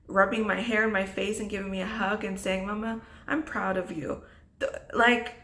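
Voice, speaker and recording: A woman speaks straight to her camera in a mid-pitched voice, and she is heartfelt and earnest. She is moved as she talks and stumbles over her words. The room is bare and echoey around her. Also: fairly bright tone. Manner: emotional, halting, earnest. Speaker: vlogger.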